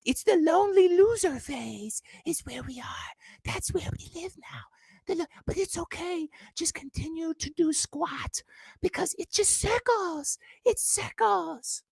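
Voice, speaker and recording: A man putting on a high sing-song mocking voice. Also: animated, unhurried, gravelly, no room sound, studio quality, full character voice. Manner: sing-song mockery, drifting into whispers. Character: mocking whiny male commentator, smug.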